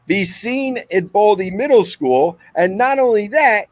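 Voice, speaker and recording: A man, the guest, telling a comic story in an animated, excitable way. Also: sits high, no echo. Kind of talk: comedic storytelling.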